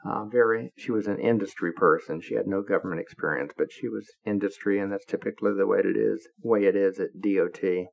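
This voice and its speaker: A man's voice: sits low, steady tone, fairly quick, creaky, hardly any pauses. A man podcaster telling a blunt, profane workplace story in a candid monologue, laughing now and then. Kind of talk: anecdotal monologue. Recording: dull lo-fi audio.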